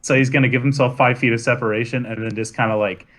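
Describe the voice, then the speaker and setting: A man's voice: mid-range voice, fairly even intonation, quick pace, fairly bright tone. A man explaining his character's moves in a tabletop game, hesitant and full of fillers. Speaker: player. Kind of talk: casual tabletop play.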